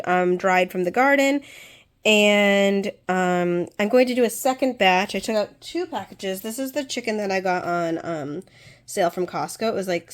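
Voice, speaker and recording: A woman with a stuffy, congested voice from a cold, casually talking through her home cooking in a kitchen vlog, practical and chatty with frequent ums. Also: mid-range voice.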